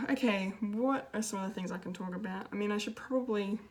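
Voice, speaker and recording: A woman's voice: medium pitch, brisk, a little hiss or hum. A woman giving an unscripted, emotional film review, gushing and restarting her sentences with many fillers. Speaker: pop culture video reviewer.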